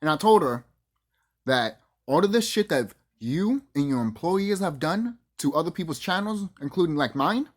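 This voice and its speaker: Brief: mid-pitched vlogger, big lively swings in pitch, foul-mouthed boastful rant. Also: normal speed. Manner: profane, boastful, acts out quoted voices. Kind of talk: ranting monologue.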